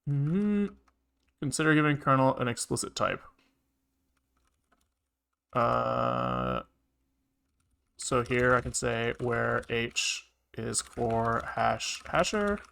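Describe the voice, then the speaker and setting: A man's voice: medium pitch, very animated, takes it slowly, vocal fry, long pauses, a bit bright, clean tone. A man live-streaming his programming, thinking aloud and muttering to himself with casual swearing, keyboard clicks behind him. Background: keyboard typing and clicking.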